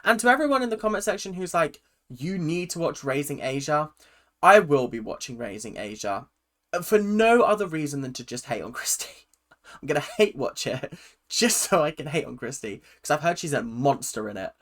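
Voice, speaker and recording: Young woman, reaction host, animated pitch and talkative. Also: moderate pace. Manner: chatty and opinionated, with frequent laughs. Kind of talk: casual reaction commentary.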